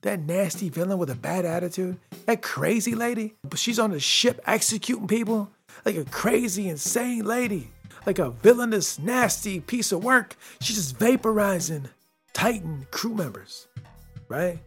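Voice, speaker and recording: A man's voice: high voice, animated, moderate pace, creaky, a bit bright, breathy edge, soft background music. A man hosting his own podcast, talking casually and rambling through an episode review with frequent restarts. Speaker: podcast host.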